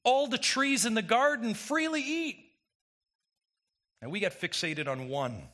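A man's voice: high-pitched, big pitch swings, a little slow, sharp tone. A man preaching a sermon as pastor, emphatic and full of rhetorical questions to the congregation.

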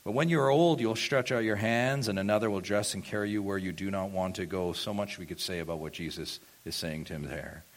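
A man preaching an expository sermon, reading scripture and swelling loud for emphasis before dropping low again. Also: fairly even intonation, brisk, hardly any pauses. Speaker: pastor.

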